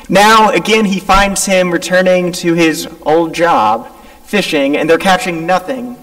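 A man's voice: sits high, a little slow, a bit bright. A man preaching a sermon, retelling scripture and acting out the voices of the people in it. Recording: long hall reverb.

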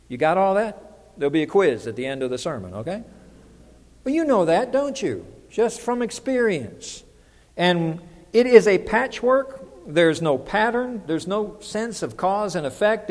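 A middle-aged male pastor delivers a conversational sermon. His voice sits high for a man, and he keeps turning to the congregation with questions. The sound carries a long reverb from the hall.

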